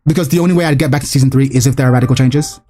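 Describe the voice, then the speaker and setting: A man on a live stream, venting in an exasperated, swearing rant. His voice sits at an ordinary middle pitch. He talks straight into his stream mic. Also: very fast, mellow. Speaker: streamer host. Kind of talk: casual live-stream chat.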